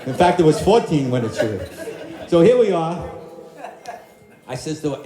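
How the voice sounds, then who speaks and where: A man's voice: on the high side, big pitch swings, normal speed, pauses often, mellow. Older New man telling stage stories. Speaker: singer and entertainer at a dinner show. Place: restaurant dining room, live show. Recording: roomy live restaurant with backing music.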